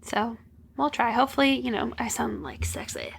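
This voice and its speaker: A young woman co-hosting a podcast in casual chat, hoarse from being sick and talking softly. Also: fairly even intonation, slight background noise. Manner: quiet, deliberately lowered speaking volume. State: hoarse from illness. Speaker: podcast co-host.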